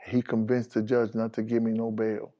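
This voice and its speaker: A man's voice: fairly low pitch, completely flat delivery, moderate pace, dark tone, highs cut off. A man giving his spoken testimony as a preacher, candid and plainspoken with street phrasing, rising animatedly when he retells conversations.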